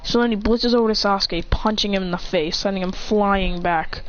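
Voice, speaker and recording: A woman tells an improvised action fan story in a loose, casual way, jumping from narration into shouted attack names and gasps. Her voice sits at a middle pitch. The recording is dull and lo-fi. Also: fairly quick, a little hiss or hum.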